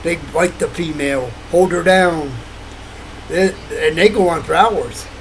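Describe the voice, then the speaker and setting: A man's voice: fairly high pitch, a little slow, slight background noise, rough recording. An older man rambling through a late-night monologue, wandering from thought to thought and laughing often. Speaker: vlogger.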